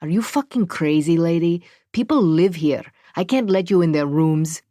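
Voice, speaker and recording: A woman's voice: low-pitched, normal speed, darkish tone, no echo. Crude, wary male superintendent, put on by a female audiobook narrator; coarse, swearing delivery, dry close sound. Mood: hostile.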